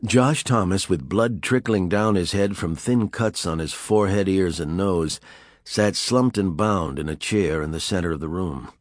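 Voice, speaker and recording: A man narrating an audiobook thriller in a measured, even storytelling manner. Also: deep voice, no echo, clean studio sound. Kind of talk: scripted narration.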